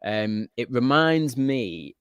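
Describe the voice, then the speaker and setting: Animated man with a Geordie accent. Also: medium pitch, slow, clear, resonant tone, dry recording, dull audio. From Newcastle, England. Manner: animated, swears freely, laughs loudly. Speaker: podcast host. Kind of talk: casual chat about films.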